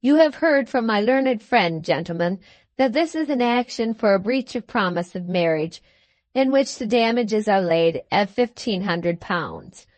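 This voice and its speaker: A woman's voice: medium pitch, expressive, measured pace, no echo, close to an everyday voice. A woman reading the lines of a pompous male barrister making a grand, theatrical speech to a jury in an audiobook. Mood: grandiose. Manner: grandiloquent, theatrical courtroom oratory.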